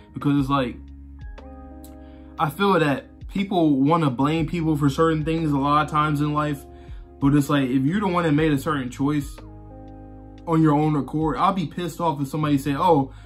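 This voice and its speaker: A man with a slightly raised voice chats loosely through a manga read-through, circling his points with plenty of fillers and casual swearing. Soft guitar music sits quietly underneath. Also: fairly high pitch. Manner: rambling, conversational, swears freely, many fillers. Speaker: manga reaction channel host.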